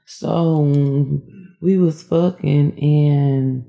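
A woman who is a podcast guest, chatting casually and asking slow, drawn-out questions. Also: low voice, fairly even intonation, gravelly, dull audio.

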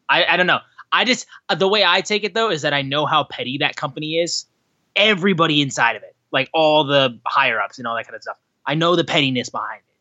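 A man's voice: mid-range voice, bright, forceful tone, dry recording, dull audio. A man co-hosting a casual wrestling podcast, ranting in a heated, emphatic and profane way. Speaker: podcast co-host.

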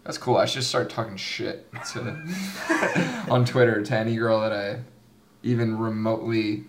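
A man's voice: lowish voice, unhurried, noisy background. A young man hosting a casual podcast chat, telling stories and laughing often. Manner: laughs often, rambling storyteller. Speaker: podcast host.

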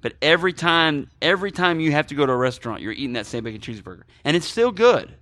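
A man co-hosting a movie podcast, chatting in an animated, joking, rambling way. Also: a little high, fast talker. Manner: animated, jokey, rambling with food analogies. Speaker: podcast co-host. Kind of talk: casual movie podcast chat.

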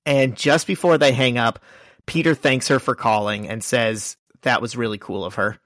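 A man in relaxed podcast chat, walking through a story and slipping into the characters' lines. His voice sits in an ordinary middle pitch. The sound is dry and close, with no room echo. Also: normal speed. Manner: lively storyteller, quoting characters. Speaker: podcast co-host. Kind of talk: casual chat, retelling a comic issue.

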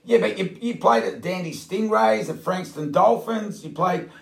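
A man's voice: high-pitched, moderate pace, gravelly, echoey room. A man with an Australian accent co-hosting a podcast, chatting casually and calling people mate. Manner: blokey, animated, says mate a lot. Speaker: podcast co-host. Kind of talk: casual chat.

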